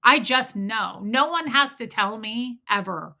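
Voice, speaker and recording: Bright-voiced woman host chatting on stream. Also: fairly high pitch, animated, measured pace, creaky. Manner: chatty storytelling, frequent "like" fillers. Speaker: livestream host. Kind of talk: casual livestream chat, reading viewer comments.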